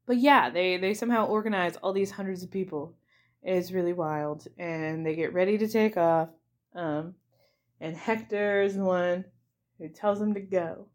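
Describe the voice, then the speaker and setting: A woman's voice: on the low side, a little slow, pauses often. A young woman hosting a comedy podcast, recapping a movie in a rambling, giggly way with lots of fillers. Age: young adult. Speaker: podcast host.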